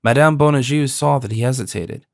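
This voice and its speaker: Clean studio sound with no echo carries a medium-pitched man's scripted audiobook narration of a classic novel. His reading stays even and measured throughout.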